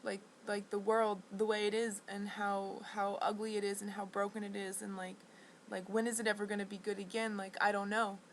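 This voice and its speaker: A woman vlogs a meandering personal story at a medium pitch and a level tone, restless and indignant from start to finish. Her speech is halting, full of restarts and fillers, and the poor-quality audio carries slight background noise.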